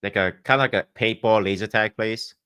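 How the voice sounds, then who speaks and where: A man's voice: on the low side, a little fast, sharp tone, clean tone. A man telling a long, rambling story on a casual podcast, full of swearing and fillers. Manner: profane, rambling, many fillers. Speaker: podcast guest.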